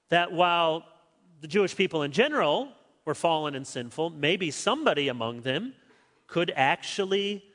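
A man preaching an expository sermon as a pastor. He talks emphatically, switches between quick stretches and slow, stressed words, and turns to his listeners with dry asides. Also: high voice, fairly bright tone. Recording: long reverb of a large hall.

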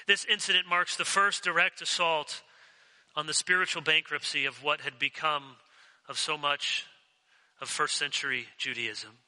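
Bright-voiced preacher in a reverberant hall. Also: male voice, a little high, steady tone, normal speed. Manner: earnest, emphatic, asks the congregation direct questions. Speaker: pastor. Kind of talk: sermon.

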